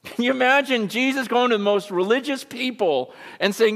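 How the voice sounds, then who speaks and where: A man preaching a sermon, emphatic, dropping from loud bursts to hushed, intense asides. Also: very high-pitched, moderate pace, long reverb tail.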